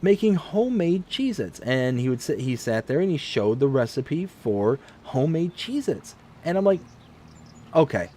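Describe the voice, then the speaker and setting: A man from Michigan, in his forties, rambles through casual live-stream chat as he plays a farming game, pitch jumping up in excited moments. He talks at a normal speed over slight background noise.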